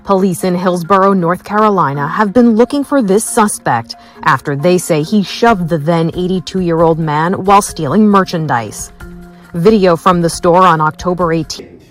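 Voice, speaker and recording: A woman reporting a news story with a measured, formal delivery. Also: fairly low pitch, faint music behind.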